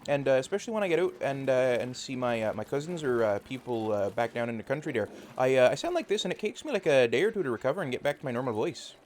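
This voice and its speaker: A man's voice: medium pitch, lively intonation, fast talker, few pauses. A man with a Canadian accent, hosting a live game stream from home and chatting casually while he plays, rambling with lots of fillers. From rural Canada. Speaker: streamer host. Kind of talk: casual chat while gaming.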